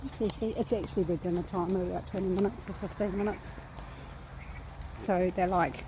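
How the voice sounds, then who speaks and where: A woman's voice: lowish voice, fairly even intonation, brisk, pauses often, background noise. A woman filming a vlog outdoors on a horse farm, cooing to the horses in affectionate baby talk. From New Zealand. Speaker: vlogger. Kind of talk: casual vlog talking to horses.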